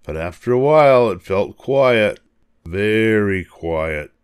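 An older man reading a children's picture book aloud, expressive and animated. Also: lowish voice, slow, clear, resonant tone, no echo, studio quality. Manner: expressive, animated voices for characters. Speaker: storybook reader.

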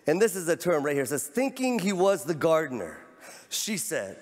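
Preacher, man, fervent and repetitive, slightly high voice, recorded in a reverberant church. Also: wildly swooping pitch, normal speed. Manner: fervent, repeats words, rises to near shouts. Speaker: pastor. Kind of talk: sermon. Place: large church sanctuary. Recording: long church hall reverb.

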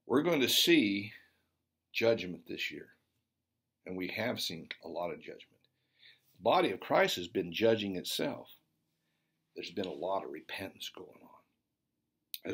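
A male preacher recounts a vision in an emphatic, fervent sermon. His voice sits low and has a husky edge. He drives his points home with insistent exhortation. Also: fairly bright tone. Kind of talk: sermon testimony.

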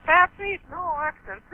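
A high-pitched woman with a Russian accent speaks slowly and haltingly, often pausing to search for words and laughing between phrases. She comes through a dull, muffled lo-fi line. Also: background noise. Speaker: author guest. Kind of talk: interview answers.

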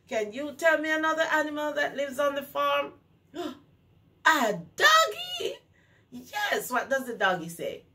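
A woman teacher leading circle time, talking to young children in an animated, sing-song way with gasps of delight. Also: high-pitched, moderate pace, hardly any pauses, distant mic, a little hiss or hum.

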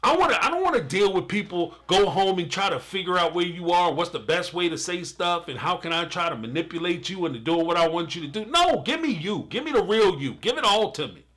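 A man's voice: high-pitched, expressive, fairly quick, hardly any pauses, fairly bright tone. A man reacting live to a reality show in a fired-up, ranting way, with a laugh breaking in. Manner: fired up, ranting and laughing, talks straight at the viewer. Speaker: live-stream reaction host. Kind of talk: animated reaction commentary.

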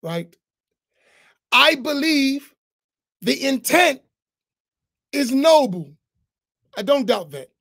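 A man's voice: very high-pitched, big pitch swings, extremely slow, long pauses, fairly bright tone. A man, an imam on an online roundtable, making his point firmly and insistently, step by step. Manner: firm, insistent, reasoning step by step.

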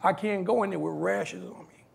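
A man with a high, creaky voice and a breathy edge talks at normal speed. He's from New York and, as a guest speaker, tells animated stories from his life, impersonating the voices of people in them.

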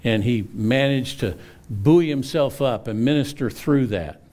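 A man's voice: medium pitch, a little slow, warm tone. A middle-aged male pastor preaching a sermon, earnest, often repeating words and rising for emphasis.

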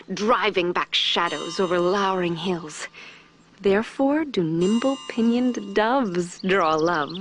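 A woman playing Juliet, an impatient lovestruck teenage girl, pleading and hushed by turns. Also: fairly high pitch, slight background noise. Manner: pleading, swings from hushed to excited.

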